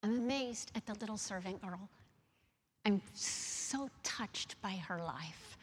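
A woman preaching a sermon, moving from hushed, near-whispered lines to loud, animated storytelling. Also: mid-range voice, slow pace, husky. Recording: long reverb of a large hall.

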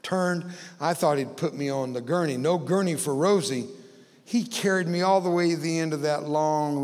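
A man's voice: fairly high pitch, darkish tone. Dramatic male storyteller in a reverberant hall. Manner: dramatic storyteller, acts out dialogue, humorous asides. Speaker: guest speaker. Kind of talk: storytelling sermon.

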